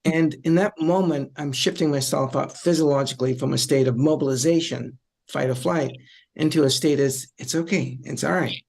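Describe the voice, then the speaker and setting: A man's voice: on the high side, steady tone, moderate pace, vocal fry, darkish tone. A middle-aged man, a psychologist on a discussion panel, explaining in a reflective, conversational way with frequent ums and repeated phrases.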